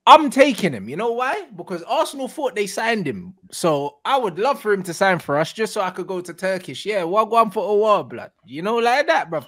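A man's voice: high voice, a bit bright. A young man talking football in slangy, laughing banter. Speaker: football fan co-host.

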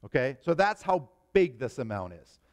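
A pastor preaching a sermon in a church, talking in an animated, emphatic way. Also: male voice, medium pitch, normal speed. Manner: animated, emphatic, rising to stress points.

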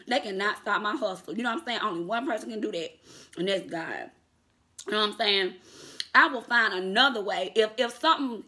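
A woman talks straight to her viewers in a casual vlog, chatty and quick to laugh. Her voice is bright and forward, and it turns sassy and defiant when she calls out her critics. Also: a little high. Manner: chatty, addresses viewers as y'all, laughs often. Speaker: vlogger.

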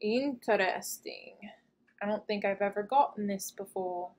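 A woman's voice: medium pitch, measured pace, a little mellow. A woman hosting a casual unboxing video, chatty and gushing, with lots of fillers as she looks over each item. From United States. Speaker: unboxing channel host.

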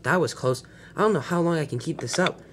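A reader voicing a plucky little tank engine on the run, talking in a hurried, worried way. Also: medium pitch, noisy background, voice pushed up, lightly acted.

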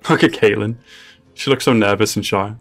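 A man with a lowish voice gives loose, running reactions to a show he is watching. He blurts out exclamations and curses, and laughs now and then. The show's music plays quietly underneath. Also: moderate pace. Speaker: reaction channel host. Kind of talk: casual reaction commentary.

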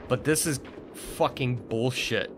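A man's voice: medium pitch, slow pace, noisy background. A young man giving gameplay commentary, frustrated and swearing as he mutters to himself. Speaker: gaming video host.

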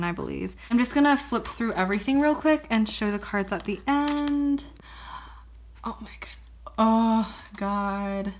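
A young woman talks to her camera while opening gifts, bubbly and effusive. She gushes over everything she pulls out, and her voice sits at an ordinary middle pitch for a woman. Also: fairly bright tone. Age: young adult. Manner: bubbly, gushing, frequent gasps and laughs. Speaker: vlogger. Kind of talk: casual unboxing vlog.

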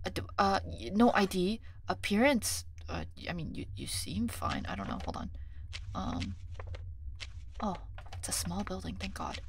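A young woman streaming a game, reading its text aloud and thinking out loud, often scattered and flustered, with lots of ums. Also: medium pitch, very animated, moderate pace, slight background noise. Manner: scattered and chatty, many ums, gets flustered; reads on-screen instructions in a mumbly undertone.

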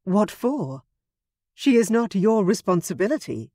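A woman voicing a young, gentle but resolute heroine who speaks earnestly and with composure. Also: medium pitch, big pitch swings, a little slow, no room sound, studio quality, voice pushed up. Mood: composed.

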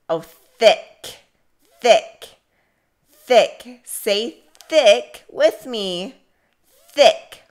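Very slow, smooth-voiced woman speech therapist. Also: fairly high pitch, a bit bright. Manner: slow, drawn-out words for children to repeat. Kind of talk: toddler speech practice.

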